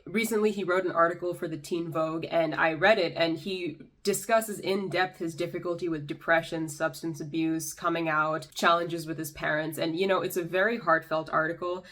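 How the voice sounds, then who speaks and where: Young female vlogger, lower pitch, sarcastic and exasperated commentary delivery. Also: fairly even intonation, normal speed, few pauses, fairly bright tone. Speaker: YouTube commentator. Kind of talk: ranting commentary vlog.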